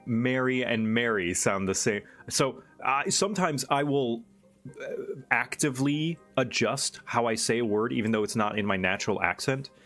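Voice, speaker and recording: A man's voice: medium pitch, fairly bright tone. A man streaming and chatting casually, explaining things in a rambling way with fillers. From Thailand. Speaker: streamer host. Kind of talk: casual chat.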